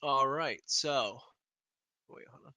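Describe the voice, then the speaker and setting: A man's voice: medium pitch, sharp tone, no echo. Rambling man running a tabletop game. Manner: rambling, halting, with many fillers and restarts. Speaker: game master.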